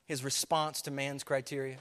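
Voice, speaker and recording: A man preaching a sermon to his church, emphatic, swinging from soft to loud. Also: medium pitch, flat delivery, normal speed, smooth, long reverb tail. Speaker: pastor. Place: church sanctuary.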